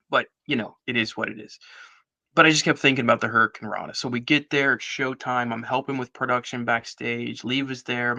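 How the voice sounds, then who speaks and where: Animated man telling a story. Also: medium pitch, creaky. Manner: animated storyteller, acts out quoted dialogue. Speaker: guest. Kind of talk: casual storytelling interview.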